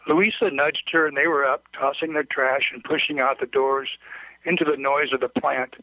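A man narrating a short story aloud in a measured, plain reading voice with occasional slips. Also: mid-range voice, steady tone, dry recording. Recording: dry, tinny phone-like recording.

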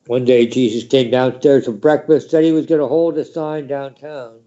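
Mellow-voiced man reading a story. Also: medium pitch, fairly even intonation, moderate pace, highs cut off. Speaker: reader. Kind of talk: spoken-word storytelling.

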